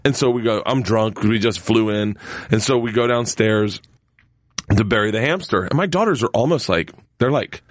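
A man's voice: fairly low pitch, moderate pace, dry recording, clean studio sound. A middle-aged man in casual chat, telling a story animatedly and laughing through his own punchlines.

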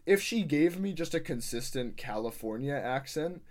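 A man co-hosting a casual film-review podcast, animated and quick to agree and chime in. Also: on the high side. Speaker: podcast co-host.

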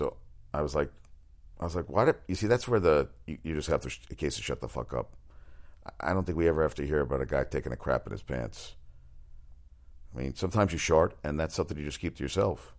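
Gravelly deep-voiced man ranting about sports. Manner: rambling, profane, frequent restarts; exasperated outbursts. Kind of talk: casual sports chat monologue.

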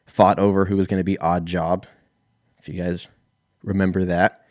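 A man's voice: low-pitched, level tone, normal speed, darkish tone, no echo, studio quality. A man in his thirties, telling a rambling, profane, self-mocking story in a casual solo podcast. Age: 30s. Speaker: podcast host.

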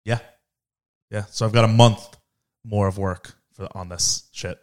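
Twenties man, lowish voice, frank, casual, swears freely. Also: fairly even intonation, measured pace. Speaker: co-host, law school applicant. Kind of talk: casual family chat.

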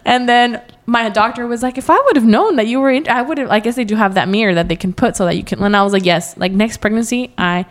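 A woman's voice: on the high side, fast, few pauses. A young adult woman chatting as a podcast guest, telling a story with lots of quoted asides and frequent laughter. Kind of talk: casual interview chat.

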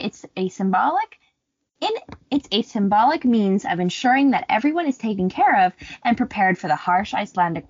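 A woman's voice: mid-range voice, husky, dry recording. A young woman hosts a casual podcast, reading folklore notes and breaking off for sarcastic jokes. Her voice swoops about with a faint huskiness. The recording is dry and a little dull. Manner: animated, joking, sarcastic asides. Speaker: podcast co-host.

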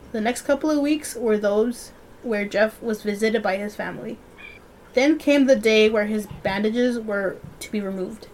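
A young woman with a slightly high, somewhat mellow voice co-hosts a podcast, reading a horror story aloud with slight background noise. Between passages she's chatty, laughing and joking with a friend.

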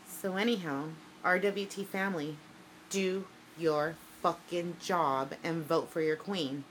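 Brash, slow-talking woman cutting a promo. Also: lowish voice, fairly even intonation, a little hiss or hum, poor audio. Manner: brash, profane, mock-menacing. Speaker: wrestling show host. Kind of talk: wrestling promo to camera.

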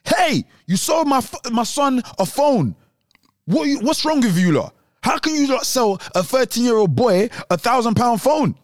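A woman's voice: sits high, flat delivery, fast talker, few pauses, dry recording, studio quality, pitched above the performer's own voice, close to an everyday voice. A man putting on the voice of an angry older mother with broken English, scolding shop staff. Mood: indignant scolding. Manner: broken English, indignant, repetitive.

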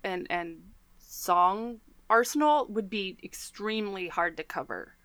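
A woman chatting on a casual podcast, enthusiastic and loose, full of "like" and "um." Her mid-pitched voice sits in a dry, close sound. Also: a little slow, fairly bright tone, dry recording. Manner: chatty, enthusiastic, filler-heavy. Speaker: podcast co-host.

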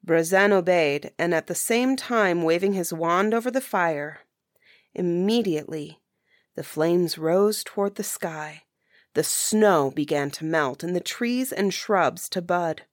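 A woman reading a fairy tale aloud in a measured, gently expressive way. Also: lowish voice, no echo, studio quality. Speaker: storyteller. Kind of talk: storybook reading.

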